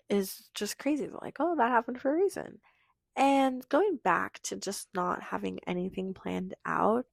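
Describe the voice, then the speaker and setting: A teenage girl speaks at a middle pitch with a gravelly edge that keeps showing up. She rambles earnestly and fills her sentences with "like" as she works through her thoughts. The sound is close and dry, with no room around it. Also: no room sound. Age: teens. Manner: earnest, rambling, filler-heavy. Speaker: podcast host. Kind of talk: casual personal monologue.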